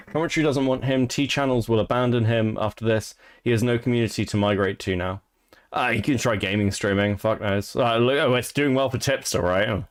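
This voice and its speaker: A man hosting casual commentary, blunt and sarcastic, swearing freely. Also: medium pitch. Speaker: commentary host.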